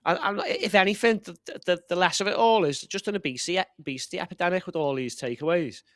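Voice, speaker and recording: A man's voice: high-pitched, fast, fairly bright tone, dry recording. Sarcastic ranting man, dry sound. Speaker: show host. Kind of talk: satirical commentary chat.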